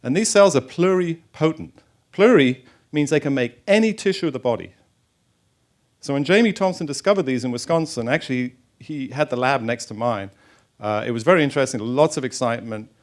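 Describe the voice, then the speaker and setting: A middle-aged man lectures on science to a public audience with slides. His delivery is informal and chatty, and it is full of fillers and restarts. His voice sits at an ordinary pitch for a man. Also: lively intonation, fairly quick. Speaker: stem cell researcher giving a talk. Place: lecture hall.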